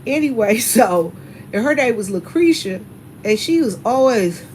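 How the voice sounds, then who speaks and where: A woman vlogger tells a story in a chatty, casual way and calls her viewers y'all. Her voice sits a little higher than most women's, and she laughs easily as she talks. A steady hum runs behind her. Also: unhurried, poor audio.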